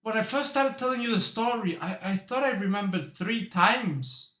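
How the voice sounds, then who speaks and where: A young man with a high, bright voice tells loose, unhurried stories in a relaxed chat. He laughs a lot and keeps throwing in bro. The room around him sounds echoey. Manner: rambling storytelling, laughs often, says bro. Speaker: reaction streamer. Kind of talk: casual chat.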